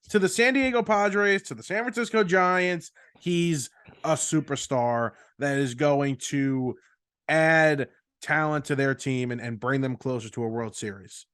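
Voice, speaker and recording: A man's voice: on the high side, fairly bright tone, clean tone, no echo, studio quality. Easygoing man on a sports podcast. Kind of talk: casual sports talk.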